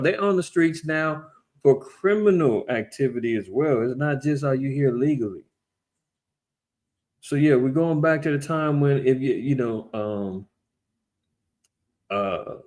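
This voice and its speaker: A man giving a casual, blunt and profane commentary on current events. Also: fairly high pitch.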